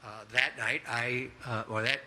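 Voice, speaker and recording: A man in his sixties telling a personal story aloud at a live storytelling event, lively and anecdotal, acting out the dialogue. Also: mid-range voice, unhurried. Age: 60s. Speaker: contributing author.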